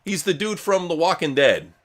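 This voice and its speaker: A man co-hosting a live wrestling watch-along, giving excitable, profane play-by-play and chatting between moves. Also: fairly high pitch, moderate pace. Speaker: co-host. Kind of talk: live reaction commentary.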